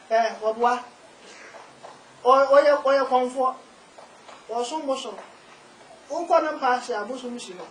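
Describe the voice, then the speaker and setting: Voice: high voice, takes it slowly, pauses often. A guest, a spiritual and herbal practitioner, talking emphatically in a casual interview and repeating key phrases. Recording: echoey room with faint noise.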